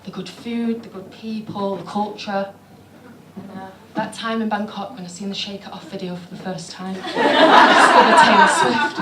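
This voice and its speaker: A woman doing stand-up, telling stories in a deadpan, self-mocking way. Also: mid-range voice, normal speed, a faint crowd. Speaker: stand-up comedian. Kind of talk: stand-up comedy. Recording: echoey venue with clear background noise.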